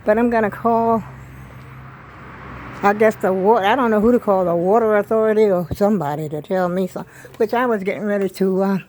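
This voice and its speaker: A woman's voice: medium pitch, a little fast, darkish tone, a little hiss or hum. Older woman, rambling vlog chat, talks to viewers as y'all, trails off, phone camera at home. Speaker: vlogger. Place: at home, indoors. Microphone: handheld phone camera.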